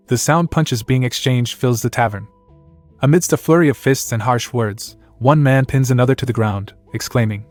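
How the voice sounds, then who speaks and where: A man narrating a comic story recap in a scripted, even storytelling read. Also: medium pitch, moderate pace, soft background music.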